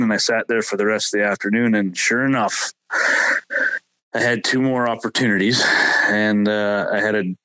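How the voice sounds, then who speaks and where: Low-voiced man telling a hunting story. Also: fairly bright tone, no echo, poor audio. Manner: rambling, self-correcting storyteller. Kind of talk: casual storytelling chat.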